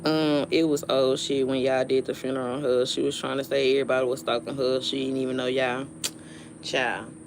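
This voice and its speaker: A woman's voice: a bass voice, fairly quick, noisy background. Blunt, profane woman ranting on a livestream. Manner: blunt, profane, dismissive, animated storytelling. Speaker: livestream host. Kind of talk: casual live-stream rant.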